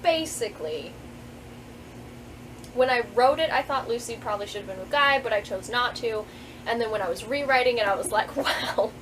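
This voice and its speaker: Woman, high voice, giggly, chatty vlogger, faint background noise. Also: normal speed, fairly bright tone, rough recording. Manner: giggly, keeps breaking into laughter; chatty, with many fillers and restarts. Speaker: author reading aloud from her own book. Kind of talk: casual vlog chat and reading aloud.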